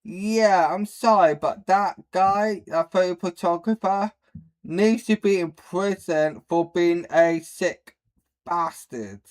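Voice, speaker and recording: A man's voice: high-pitched, slow. Rambling, crude man. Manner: crude, rambling and laughing at his own slips. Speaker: streamer reacting to a video. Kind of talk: casual reaction commentary.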